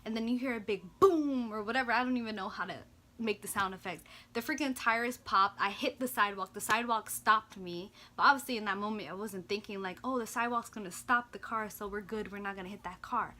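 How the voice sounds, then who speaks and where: Bright-voiced young woman telling a storytime. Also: mid-range voice, fairly quick. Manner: animated, slangy, swears, lots of "like". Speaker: vlogger. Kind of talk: casual storytime.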